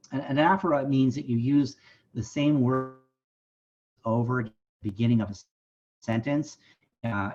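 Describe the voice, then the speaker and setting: A man's voice: mid-range voice, breathy edge, muffled recording. A man giving a virtual history lesson at a library site, talking conversationally and often checking in with his listeners. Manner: conversational, often asks "right?". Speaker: museum educator. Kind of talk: virtual site visit talk.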